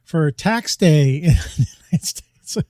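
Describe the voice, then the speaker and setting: Mellow-voiced, chatty man hosting a podcast. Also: on the high side, lively intonation, slow, dry recording, clean studio sound. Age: middle-aged. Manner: chatty, rambling, laughs often. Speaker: podcast co-host. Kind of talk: casual chat. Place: home, New York.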